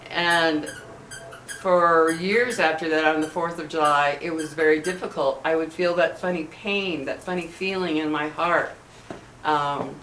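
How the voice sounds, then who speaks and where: Middle-aged woman vlogger, earnest and halting, lots of restarts, roomy echo, faint hum behind. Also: low-pitched. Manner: halting, with many restarts and soft earnest asides. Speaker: vlogger speaking to viewers. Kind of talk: heartfelt personal talk to camera. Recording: echoey room with faint background hum.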